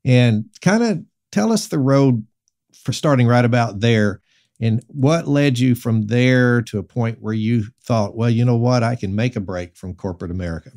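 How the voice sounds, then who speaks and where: A man with a Southern US accent, a pastor hosting a casual podcast interview, relaxed and folksy with many fillers. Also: mid-range voice, normal speed. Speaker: podcast host.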